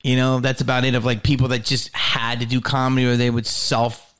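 A male comedian in casual chat, telling a story in a profane, animated way. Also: mid-range voice, fairly quick, smooth.

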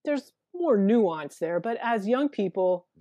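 Mellow-voiced woman therapist, halting. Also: mid-range voice, lively intonation, dry recording, lo-fi sound. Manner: hesitant, many restarts, thoughtful. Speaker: therapist, guest. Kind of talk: conversational interview. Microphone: video call.

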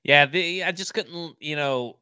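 A man's voice: a little high, measured pace, pushed and bright, clear, resonant tone, no echo, clean studio sound. A man co-hosting a sports podcast, talking in a blunt, opinionated, casual way and swearing now and then. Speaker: podcast co-host.

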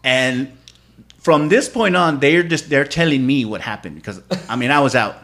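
Animated male podcast storyteller. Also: mid-range voice, normal speed. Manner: animated storyteller, casual slang and swearing. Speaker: podcast co-host. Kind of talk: casual storytelling chat.

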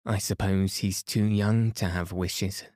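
A man voicing a gentle, matter-of-fact young girl in a bedtime storybook reading. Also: low voice, steady tone, takes it slowly, no room sound, studio quality. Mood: calm.

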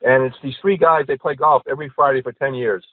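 A man who talks fast and rambles through his stories, dropping in asides. His voice is a little husky and slightly high. It sounds thin and dry, as if coming over a phone line. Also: fairly even intonation, no room sound. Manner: rambling, repeats "you know". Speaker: comedian guest. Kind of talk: casual chat and joke telling.

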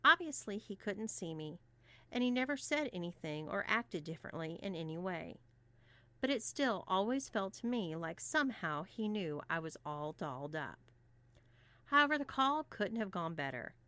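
A woman narrating a first-person story in an even, steady reading voice. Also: mid-range voice, moderate pace.

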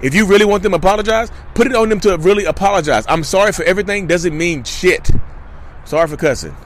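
A man's voice: high-pitched, animated, fast. A man vlogging to his viewers in casual commentary, emphatic and repetitive and calling them y'all.

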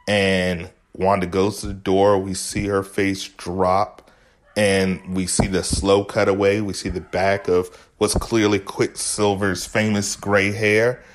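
Deep-voiced man, chatty episode recap. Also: flat delivery, unhurried. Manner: enthusiastic, chatty, retells scenes with quoted lines. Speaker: show host recapping an episode. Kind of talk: casual recap commentary.

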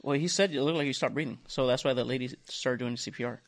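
A man's voice: mid-range voice, fast. A young man hosting a podcast, telling a long profane story in casual chat, acting out the other people's lines. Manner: profane, animated storytelling with quoted voices. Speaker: podcast host.

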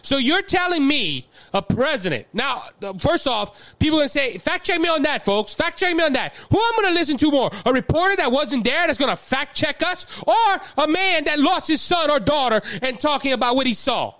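A man's voice: very high-pitched, very animated, moderate pace, few pauses, pushed and bright, no echo. A man with a Louisiana accent hosting a political commentary show, impassioned and fiery, often repeating words as he builds steam. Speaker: podcast host.

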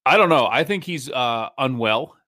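A man's voice: mid-range voice, animated, normal speed, bright, forceful tone, dry recording, studio quality. Chatty man riffing on a podcast. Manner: chatty, agreeable, frequent "like". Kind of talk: casual chat.

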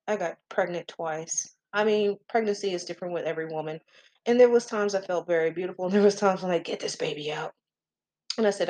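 A woman's voice: mid-range voice, a little mellow. A middle-aged woman hosting a podcast, telling a story in a chatty, profane way with laughing asides. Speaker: podcast host. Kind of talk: casual storytelling chat.

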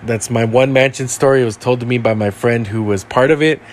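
A man's voice: medium pitch, brisk. A man casually telling a ghost story he heard from a friend, rambling with lots of fillers. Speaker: guest storyteller.

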